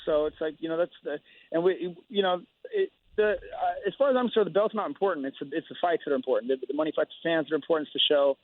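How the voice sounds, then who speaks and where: Male interview guest, rapid and rambling with halting restarts; dry, tinny phone audio. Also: a little high, no echo. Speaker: guest fighter.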